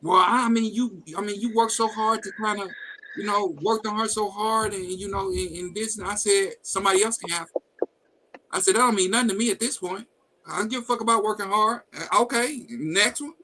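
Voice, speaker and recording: A man with a high, bright, forceful voice tells a heated personal story on a live talk stream. He is blunt and profane and acts out each line of quoted dialogue. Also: fairly quick, slight background noise, poor audio. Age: adult with a wife and kids. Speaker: host. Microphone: video call setup.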